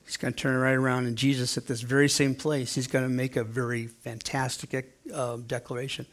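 A man's voice: mid-range voice, level tone, fairly quick, hardly any pauses. A man in his sixties preaching a sermon in a conversational way, acting out the quotes in playful voices. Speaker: pastor.

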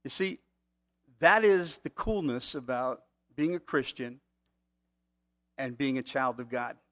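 A man's voice: mid-range voice, lively intonation, slow, fairly bright tone. A man preaching a conversational sermon, asking the congregation rhetorical questions. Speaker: pastor.

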